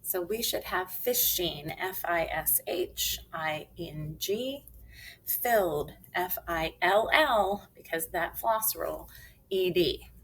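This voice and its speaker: Very slow, deliberate woman teacher. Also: lowish voice, a little hiss or hum, rough recording. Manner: slow, clearly enunciated, spells letters aloud. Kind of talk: phonics lesson for children.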